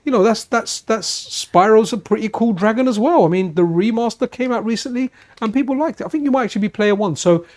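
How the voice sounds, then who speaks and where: A man with a high voice talks through a live gaming stream. He is chatty and enthusiastic, and his sentences often stall and restart as he goes. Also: quick pace, hardly any pauses, a little mellow. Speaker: streamer, channel host. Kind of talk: casual live-stream chat while gaming. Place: friend's house.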